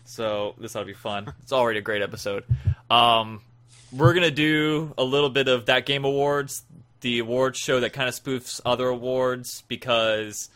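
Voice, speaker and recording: A man's voice: mid-range voice, moderate pace. A man hosting a casual gaming podcast, rambling and joking as he introduces topics. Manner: rambling, jokey, animated. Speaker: podcast host.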